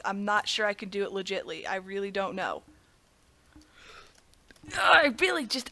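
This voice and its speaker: A woman's voice: on the high side, pushed and bright. A young woman hosting a let's play, narrating her gameplay with melodramatic, self-mocking complaints and talking to her viewers as "guys". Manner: talks to the audience as "guys". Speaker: gaming channel host.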